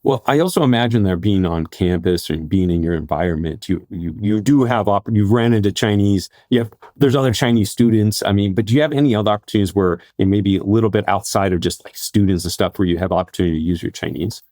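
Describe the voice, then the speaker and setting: Low mellow guy hosting a podcast, halting, repeats words, dry sound. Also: dry recording. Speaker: podcast host. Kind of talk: casual interview.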